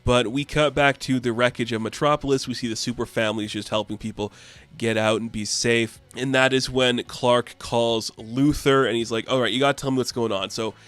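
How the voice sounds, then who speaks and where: A man's voice: medium pitch, fairly even intonation, brisk, fairly bright tone, faint music behind. A man in a casual, chatty comic book recap who loosely paraphrases the characters' lines.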